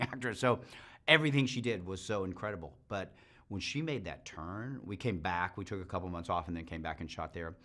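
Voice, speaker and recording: Low-voiced enthusiastic man. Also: pushed and bright. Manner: enthusiastic, acts out quoted lines. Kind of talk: promotional interview soundbite.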